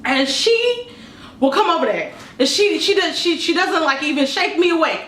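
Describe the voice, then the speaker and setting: A young woman vlogger telling comic stories about her mother, animated and laughing through her lines. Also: high voice, moderate pace, slight background noise. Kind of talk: comedic storytelling monologue. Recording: echoey room, mic at a distance.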